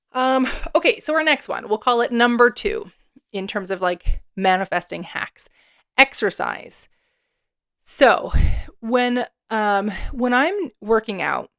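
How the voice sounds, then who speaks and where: A woman in her thirties talks through a casual solo podcast, chatty and lively, with a casual curse here and there. Her pitch sits in an ordinary middle range. The recording is close and dry, with no room sound. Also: no room sound. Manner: chatty, animated, swears casually. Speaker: podcast host.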